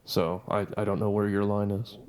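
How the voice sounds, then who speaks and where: A man's voice: on the low side, flat delivery, moderate pace, darkish tone. A man in his twenties, a podcast co-host, telling a story in casual, profane, rambling chat.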